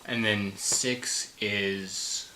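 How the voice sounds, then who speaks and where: A man's voice: on the low side, fairly even intonation, drawn-out words, pushed and bright. A tired man in a casual film chat, hesitant and often searching for the right word. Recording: roomy echo.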